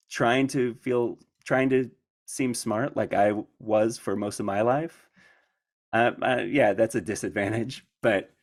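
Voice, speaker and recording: A man answering audience questions at a conference in a rambling, casual way, laughing often and restarting his sentences. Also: mid-range voice. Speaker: conference speaker.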